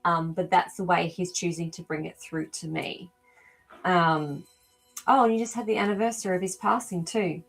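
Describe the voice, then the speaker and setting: A woman's voice: on the low side, steady tone, normal speed, creaky, soft background music. A woman hosting a live animal communication show. She speaks in a casual, searching way with many ums and answers viewers' comments as they come in. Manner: hesitant, searching for words with frequent ums. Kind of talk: live-stream reading, casual chat.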